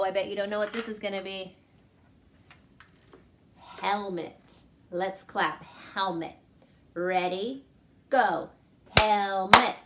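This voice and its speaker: A woman teaching young children, speaking slowly and in a sing-song way as she claps out syllables. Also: mid-range voice, creaky, fairly bright tone, slight background noise. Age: adult with a son. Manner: slow and sing-song, clapping syllables aloud. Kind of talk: children's lesson.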